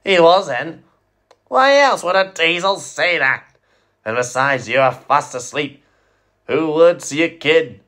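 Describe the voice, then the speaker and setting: A man voicing a gruff, suspicious male steam engine in a fan story reading. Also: on the high side, animated, takes it slowly, sharp tone, pitched above the performer's own voice, heavily acted.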